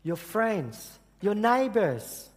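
An earnest man preaches to a congregation and stumbles over his words now and then with repeated restarts. His voice sits a little high for a man. The sound carries a long reverb from a big hall. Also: very animated, very slow. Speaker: church speaker. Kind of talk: sermon with personal story.

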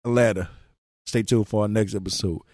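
A man co-hosting a casual podcast, animated and profane, acting out the people he describes. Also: fairly low pitch, fairly quick, dry recording, clean studio sound. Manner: animated, profane, acts out characters loudly. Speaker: podcast co-host. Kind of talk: casual podcast recap chat.

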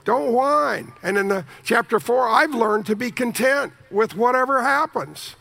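A male preacher with a high, gravelly voice and a bright, sharp edge to his tone. He preaches with animated energy and jokes with the congregation. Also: moderate pace. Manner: animated, jokey, sings snippets of hymns. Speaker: pastor. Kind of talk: sermon.

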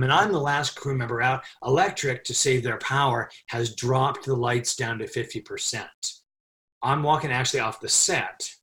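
A middle-aged man telling a crew anecdote in a casual interview, animated and quick to laugh. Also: mid-range voice. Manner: animated storyteller, laughs often while telling. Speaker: film crew member telling a story.

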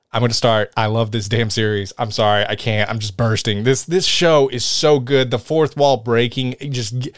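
A man's voice: medium pitch, no echo, studio quality. A man hosting a casual podcast, upbeat and jokey, rattling through plugs and chatting with his co-hosts. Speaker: podcast host.

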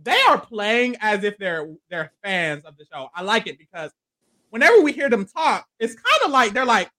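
This is an expressive co-host whose pitch swings all over the place as the stories unfold. The tone is bright and forward, with frequent laughter. The talk is loose, slangy and profane, delivered as a casual recap. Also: normal speed. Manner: animated and playful, laughing often, acting out quotes. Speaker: podcast co-host. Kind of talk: casual reality-show recap chat.

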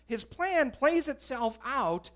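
A man's voice: very high-pitched, big pitch swings, slow pace, a bit bright. A man preaching a sermon, telling a personal story in a conversational way with casual fillers. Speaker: pastor.

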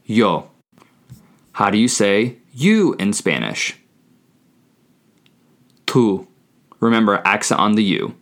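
Lively-pitched man teaching a Spanish lesson. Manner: slow, deliberate, spells words out letter by letter. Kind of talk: scripted language lesson.

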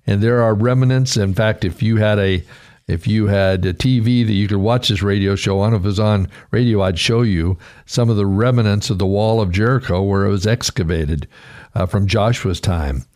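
A man preaching a radio sermon, earnest and conversational, his pitch rising sharply when he voices a quoted cry. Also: moderate pace, a little mellow. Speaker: radio pastor.

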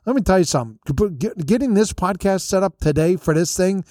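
A man hosts his podcast from a hotel room, recorded on a podcast mic with makeshift soundproofing. His voice sits a little high but sounds mellow and dark, and the dead, dry room adds no echo. He talks in a chatty, rambling, self-deprecating way. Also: expressive, brisk. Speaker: podcast host. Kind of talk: casual storytelling monologue. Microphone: podcast mic through an audio interface.

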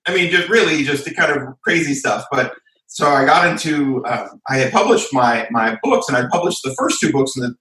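A man guest chatting casually in an interview, telling stories in an animated way and acting out the people he quotes. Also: medium pitch, roomy sound, distant mic, poor audio. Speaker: podcast guest, software company founder.

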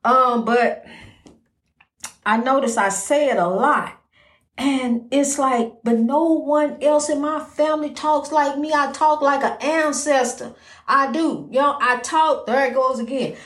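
High-voiced folksy woman in an echoey room. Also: a little slow. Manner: folksy, rambling, says "you know" constantly; preachy, faith-based encouragement. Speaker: podcast host. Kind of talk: casual inspirational talk.

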